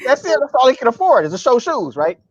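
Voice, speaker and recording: A man's voice: extremely high pitch, fast talker, lo-fi sound. A man, a comedian guest, telling a funny road story in casual chat and acting out the people in it. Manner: animated, mimics voices and groans.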